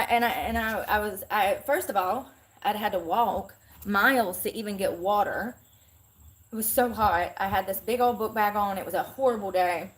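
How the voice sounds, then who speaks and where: A woman's voice: medium pitch, a bit bright. Indignant ranting woman on a phone. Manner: indignant, aggrieved, rambling. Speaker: live streamer. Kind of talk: ranting vlog monologue. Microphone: phone held for self-filming.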